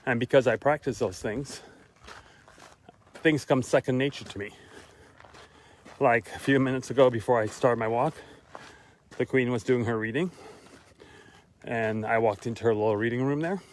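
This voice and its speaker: A tired, winded man talking casually while walking outdoors, repeating his key lines for emphasis with pauses. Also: mid-range voice, a little hiss or hum. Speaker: motivational vlogger. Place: outdoors on a walk.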